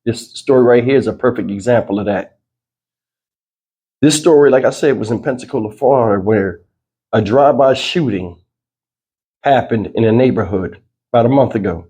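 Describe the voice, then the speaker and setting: A man hosts his own commentary channel in a rambling, filler-heavy way. His voice is dark and mellow and still has its morning roughness, pitched about middle for a man. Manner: loose, rambling delivery with frequent fillers. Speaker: channel host. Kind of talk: casual news commentary vlog.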